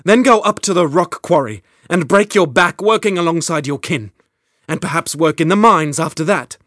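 A man's voice: a little high, fairly quick, a bit bright, dry recording, clean studio sound, pitched above the performer's own voice, close to an everyday voice. A man reading an audiobook, voicing a young queen who speaks with cutting sarcasm and a raised voice. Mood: sarcastic. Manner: cutting sarcasm, rising to cries. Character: young adult queen, sharp-tongued and fierce.

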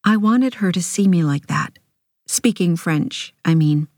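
A woman narrating a literary audiobook in an intimate first-person voice. Her pitch sits slightly low and her delivery is measured. The close studio recording is completely dry. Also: expressive, darkish tone, dry recording.

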